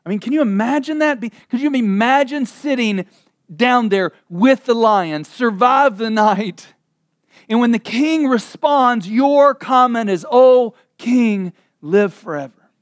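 A man preaching a sermon, reading scripture slowly and dramatically, then retelling it with laughs and casual asides. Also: very high-pitched, dry recording, studio quality. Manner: animated storytelling with frequent laughs and asides.

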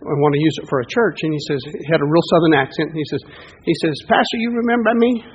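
Middle-aged pastor guy, folksy storytelling sermon, kinda husky voice, sounds lo-fi. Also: a little high, rapid-fire. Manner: folksy, animated storytelling with excited rises. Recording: dull lo-fi recording.

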